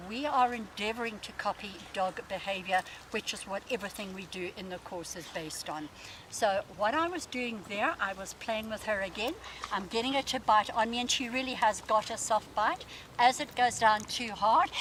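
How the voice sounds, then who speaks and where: Woman, dog trainer, higher voice, calm teaching tone, noisy background. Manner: calm, explanatory, with sudden sharp yelps. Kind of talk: instructional demonstration. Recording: background noise.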